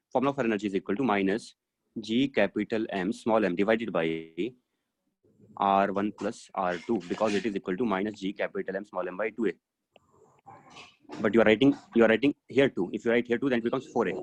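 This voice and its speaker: A man teaching physics in a live online class over a video call, explaining step by step and thinking aloud with many fillers. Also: lowish voice.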